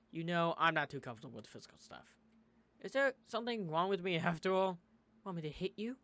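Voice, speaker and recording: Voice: mid-range voice, fairly bright tone. American gamer reading a visual novel aloud. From United States. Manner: reads dialogue in shifting character voices with quick asides. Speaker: gaming YouTuber.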